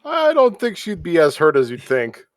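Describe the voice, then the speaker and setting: A man playing a tabletop game, reasoning aloud in a measured way. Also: on the high side, huge pitch swings, no echo, clean studio sound. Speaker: player. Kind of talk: casual tabletop play.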